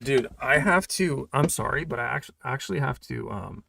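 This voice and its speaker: Expressive and forceful, a young man with a medium-pitched, creaky, bright voice speaks at normal speed in a sarcastic, slangy movie-review rant, repeating things for emphasis. There's no room sound on the recording.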